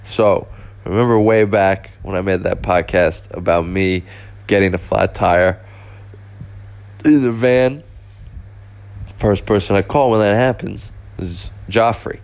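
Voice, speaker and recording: A man's voice: sits low, takes it slowly, pauses often, darkish tone. A young man hosting a podcast, telling travel stories in a casual, rambling way full of fillers and restarts. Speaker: podcast host.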